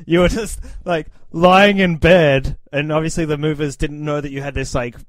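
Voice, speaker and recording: A man co-hosting a podcast chats casually, ribbing his friend with quick jokes. His voice is somewhat high for a man. The recording is dry and close. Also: steady tone, no room sound. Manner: teasing, joking interjections. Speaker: podcast co-host. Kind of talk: casual chat.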